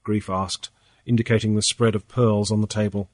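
A man reading a story aloud as narrator in a measured, steady way. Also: lowish voice, dry recording, clean studio sound. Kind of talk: audiobook narration.

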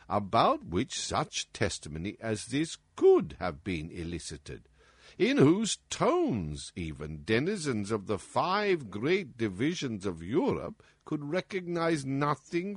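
A man voicing a calm, analytical male detective who lays out his reasoning in a measured, lecturing way, as in an audiobook. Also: mid-range voice, husky, no echo, full character voice. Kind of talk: audiobook character reading.

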